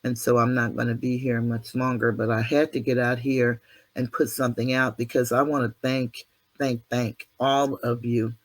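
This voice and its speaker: Male vlog host, motivational monologue; preachy, down-to-earth, self-mocking. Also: mid-range voice. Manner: preachy, earthy, self-deprecating, mild cursing. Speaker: channel host.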